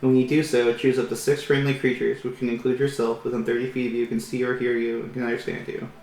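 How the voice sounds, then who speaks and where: A man running a tabletop game as game master, talking in a relaxed, hesitant way with fillers. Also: medium pitch, fast. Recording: roomy with faint music.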